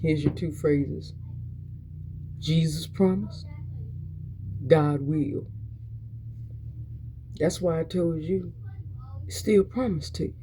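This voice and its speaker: Woman preaching encouragement, super dark mellow voice, fervent and repetitive, bit of faint hiss. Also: fairly low pitch. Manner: fervent, repetitive exhorting with many restarts. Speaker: motivational speaker.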